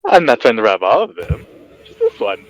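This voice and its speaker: A man's voice: mid-range voice, wildly swooping pitch, moderate pace, vocal fry, rough recording. A man playing a tabletop role-play game, cocky and teasing in character. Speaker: player.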